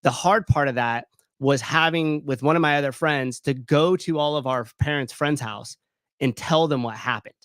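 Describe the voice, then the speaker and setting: A man's voice: medium pitch, normal speed, fairly bright tone, no echo, studio quality. A man in his thirties, a gym owner, telling a personal story in a loose, candid way, full of fillers and swearing. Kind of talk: casual storytelling.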